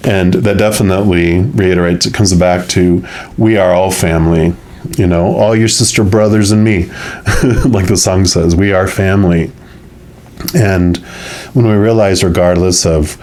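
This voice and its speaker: A man giving a weekly tarot reading to viewers, musing in a soft, loose way with lots of filler phrases. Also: low voice, fairly even intonation, moderate pace. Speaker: tarot reader.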